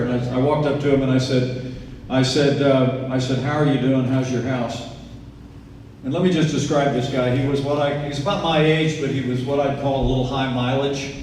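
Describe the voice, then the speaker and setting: A man's voice: medium pitch, a little mellow, slight background noise. A man in his sixties from Indiana giving a campaign speech, telling earnest stories with folksy asides. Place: event venue, large indoor room. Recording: echoey hall, distant mic.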